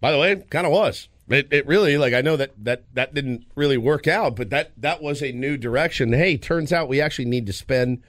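A man's voice: medium pitch, no room sound. A man co-hosting a sports talk radio show, who banters and teases with animation, speaking into a studio microphone. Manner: animated, teasing, quick to laugh.

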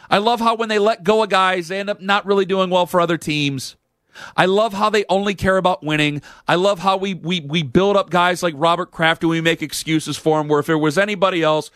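A man's voice: high voice, fairly bright tone, no echo, studio quality. A man hosting a sports talk radio show, delivering a sarcastic, opinionated rant.

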